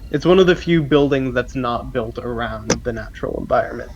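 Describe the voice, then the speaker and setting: A man's voice: mid-range voice, brisk, highs cut off, slight background noise. A man narrating as game master, describing scenes with many ums and restarts. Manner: hesitant, lots of ums while describing.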